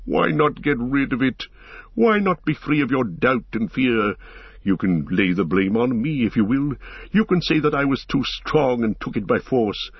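A man's voice: medium pitch, expressive, moderate pace, breathy edge, no room sound. Boromir, a man voicing a fervent proud warrior. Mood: coaxing. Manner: impassioned, pleading and raging. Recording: slightly dull lo-fi recording.

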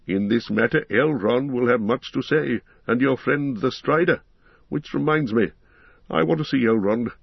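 A man doing Gandalf, a stern old wizard, deep and commanding. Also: creaky, slightly rough, no room sound, highs cut off. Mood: grave. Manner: grave, measured, authoritative.

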